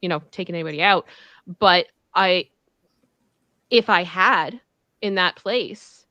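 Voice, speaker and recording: A woman co-hosting a casual livestream chat, earnest, firm and measured. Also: fairly low pitch, sharp tone, no echo, lo-fi sound. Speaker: co-host.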